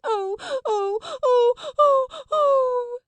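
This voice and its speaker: A woman voicing a spoiled little girl who howls and sobs in shrill wails, in a storybook reading. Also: big pitch swings, measured pace, darkish tone, no echo. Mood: wailing. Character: small spoiled girl, wailing and howling.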